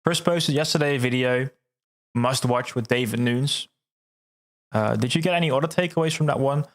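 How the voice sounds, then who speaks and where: A man hosting a livestream, chatting casually and reading out viewer comments, excitable, laughing often and repeating words. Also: medium pitch, moderate pace. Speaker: livestream host.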